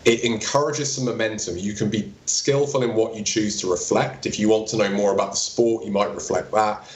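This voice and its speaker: A man with a lowish voice answers an interviewer's question about his practice. He lays out his technique step by step and acts out short exchanges with patients. The room around him is echoey. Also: steady tone, brisk. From England. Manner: practical, explains with quoted examples. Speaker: chiropractor.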